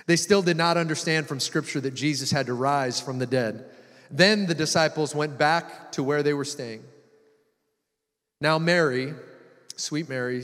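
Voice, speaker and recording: A man preaches a sermon in a medium-pitched, slightly bright voice, reading scripture and retelling it dramatically. He acts out the voices he quotes with rising intensity, and the recording carries a long hall reverb.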